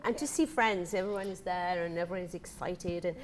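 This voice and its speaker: A woman guest on a talk show telling an animated story, acting out her own thoughts and laughing often. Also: lowish voice, fairly quick. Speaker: event participant guest. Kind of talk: casual talk show chat.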